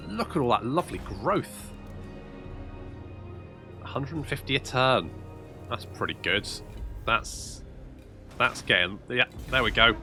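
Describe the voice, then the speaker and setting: Guy chatting thru his strategy game, voice bouncing all over, faint game music behind. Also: medium pitch. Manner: chatty, thinks aloud, mutters asides to the game. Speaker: gameplay commentator. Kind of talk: casual strategy game commentary.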